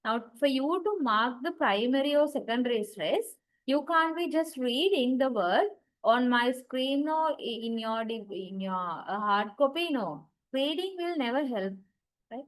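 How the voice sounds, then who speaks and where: A woman's voice: high-pitched, expressive, measured pace, poor audio. A woman lecturing on English grammar in an online class, patiently repeating her key points and checking in with her students.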